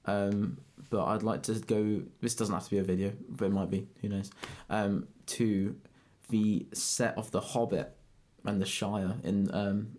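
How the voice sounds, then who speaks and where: A young man in his twenties talks in a low voice on a casual podcast. He rambles, swears now and then and breaks into laughter often. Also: fairly even intonation, a little slow, few pauses, a little mellow. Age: 20s. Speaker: podcast co-host. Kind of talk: casual chat.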